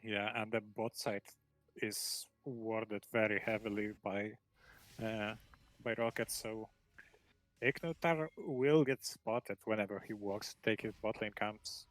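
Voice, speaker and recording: A man giving relaxed, analytical color commentary on a live esports match, in casual phrasing. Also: fairly low pitch, slow pace, poor audio. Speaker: esports co-caster.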